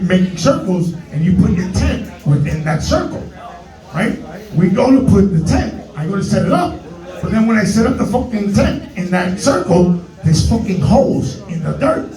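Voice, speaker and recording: Profane high-voiced Bronx comedian. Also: male voice, a little mellow, echoey room, distant mic, rough recording. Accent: New York (Bronx). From the Bronx, New York. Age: 40s. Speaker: stand-up comedian. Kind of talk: stand-up storytelling.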